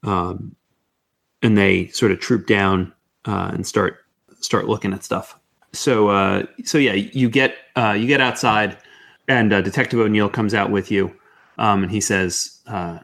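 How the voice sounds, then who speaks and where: A man's voice: on the low side, fairly even intonation, normal speed, creaky, fairly bright tone. A man narrating as game master of a tabletop game, hesitant, with many fillers.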